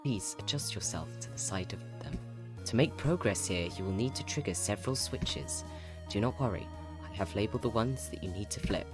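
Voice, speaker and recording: Casting: a woman playing a calm, kindly mother goat in a game, low and soft, game music underneath. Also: brisk. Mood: gentle. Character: gentle motherly goat caretaker.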